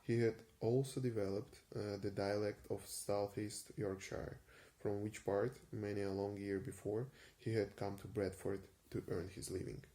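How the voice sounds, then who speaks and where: A man giving an unhurried ASMR reading of a vintage story, with frequent small hesitations. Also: lowish voice, little pitch movement, mellow. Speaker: reader.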